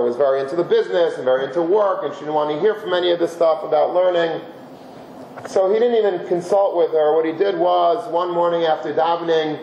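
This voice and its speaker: A man, a rabbi, giving a Torah lesson in a conversational, animated storytelling way, with many Hebrew terms. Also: a little high. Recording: roomy dull lecture recording with faint hiss.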